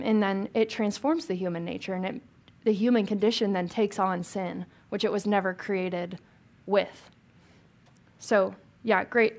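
A woman's voice: medium pitch, a little mellow. A young woman leading a casual Bible study, talking informally, asking the group questions and laughing easily.

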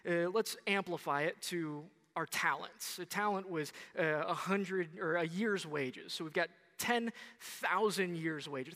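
A young man in his twenties preaching a sermon in a conversational, animated way. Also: a little high, unhurried, few pauses, in a large hall. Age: 20s.

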